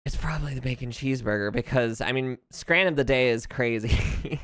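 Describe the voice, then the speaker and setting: An American VTuber streamer with a medium-pitched voice at normal speed chats over gameplay into a close streaming mic with no echo. Their talk is animated and jokey, full of rants and frequent laughs.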